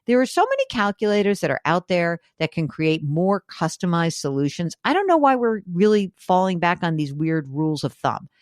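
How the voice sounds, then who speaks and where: A woman hosting a call-in radio advice show, chatty and emphatic, with her pitch jumping up when she gets excited. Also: a little fast, few pauses, no room sound, clean studio sound. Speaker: radio and podcast host.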